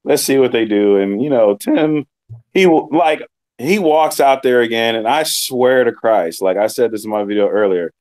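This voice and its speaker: A young man co-hosts a tech chat, his voice sitting at an ordinary middle pitch. He gripes in a laid-back, offhand way, swearing freely and mimicking people for effect. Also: normal speed, darkish tone. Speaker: co-host. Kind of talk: casual ranting chat.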